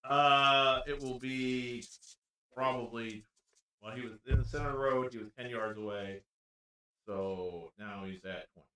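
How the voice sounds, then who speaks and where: A man's voice: medium pitch, bright, forceful tone, echoey room. A man running a tabletop game as game master, calling rolls and narrating the action, often breaking into laughter. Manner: laughs often, quick rulings.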